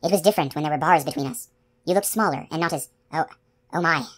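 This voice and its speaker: A man's voice: fairly high pitch, fast talker, a bit bright. A woman voicing Schmendrick, a weary self-doubting magician. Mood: hushed wonder. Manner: bitter, pleading, flares into frantic curses. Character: shabby, self-doubting male magician, middle-aged.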